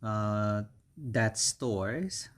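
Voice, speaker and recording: A middle-aged man whose first language is Korean, teaching beginner English vocabulary slowly and repeating each word several times. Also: on the low side. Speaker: English instructor. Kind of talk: slow beginner vocabulary lesson.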